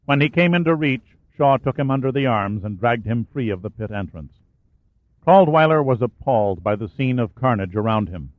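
A man narrates an audiobook in a steady, even voice at a middle pitch. The sound is narrow like a phone line and bone dry, with no room in it. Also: moderate pace, no echo. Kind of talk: scripted narration of a war thriller.

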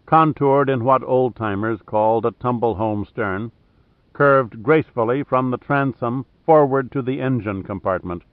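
A man narrating a thriller audiobook in a steady, measured way. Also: mid-range voice, dry recording. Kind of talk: scripted narration. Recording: dry, tinny phone-like sound.

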